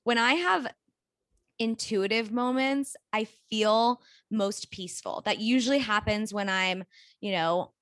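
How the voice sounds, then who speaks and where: A woman co-hosting a podcast, telling a personal story in a candid, animated way with frequent swearing. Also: fairly high pitch, measured pace, no echo. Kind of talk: casual conversation.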